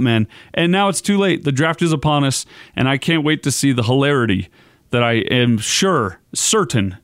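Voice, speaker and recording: A man's voice: a little high, no room sound, studio quality. Ranting sarcastic male podcast host. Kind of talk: sports talk monologue.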